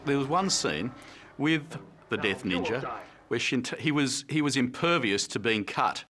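Animated male storyteller outdoors. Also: medium pitch, unhurried, noisy background. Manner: animated storyteller who acts out scenes. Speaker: interviewee. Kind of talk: anecdote in an interview.

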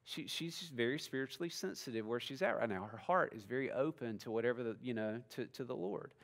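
A man's voice: mid-range voice, fast, vocal fry. A man, a pastor giving a conversational sermon and often asking the congregation questions.

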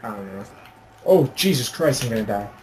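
A man's voice: medium pitch, animated, brisk, a little mellow, a little hiss or hum, poor audio. Easygoing American man rambling. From United States. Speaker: gaming co-commentator. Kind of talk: casual gameplay chat.

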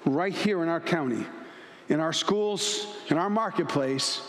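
Emphatic high-voiced male pastor. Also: a little slow. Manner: emphatic, storytelling with acted asides. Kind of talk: sermon. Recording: echoey church hall.

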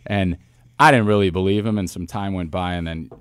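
Man, very low voice, dry close sound, animated storyteller, casual interview. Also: smooth, dry recording. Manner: animated storyteller, quick asides and restarts. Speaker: wide receivers coach, guest.

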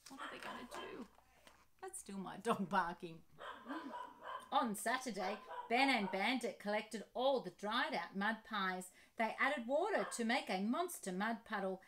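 A woman reading her picture book aloud to children, animated and asking her listeners questions. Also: fairly high pitch.

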